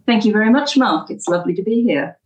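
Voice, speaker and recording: Middle-aged female guest, faint New York accent softened by British, remote echoey mic. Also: medium pitch, expressive, fast talker. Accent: faint American, mixed with British after forty years in England. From United States, New York. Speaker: podcast guest, short story writer. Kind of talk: interview answers, storytelling. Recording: echoey and distant.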